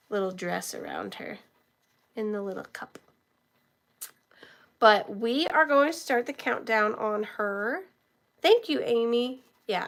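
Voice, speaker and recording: A woman's voice: a little high, a bit bright. A woman with a sore throat from talking, running a live-stream auction from home and chatting with viewers by name as she shows each item. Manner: chatty, greets viewers by name while showing items. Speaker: online reseller hosting a live auction. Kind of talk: live-stream selling chat.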